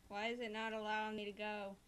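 A woman hosting a let's play, chatting casually and gushing excitedly as she plays. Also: medium pitch, fast, a little hiss or hum. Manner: excitable, gushing fangirl outbursts. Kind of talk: casual game commentary.

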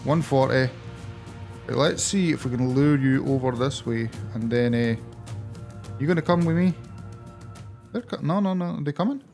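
A Scottish man commentating his own gameplay in a gravelly, creaky voice. He talks to his viewers casually and keeps bursting into excited, surprised outcries. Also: medium pitch, normal speed, pauses often, faint music behind. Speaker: gaming channel host. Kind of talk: let's play gameplay commentary.

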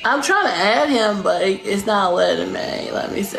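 A woman's voice: mid-range voice, lively intonation, moderate pace, gravelly, fairly bright tone. A woman from Louisiana with a Southern accent, hosting a livestream and talking bluntly and crudely with strangers. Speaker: livestream host chatting with strangers. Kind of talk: brash comedic video chat. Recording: echoey room, faint background noise.

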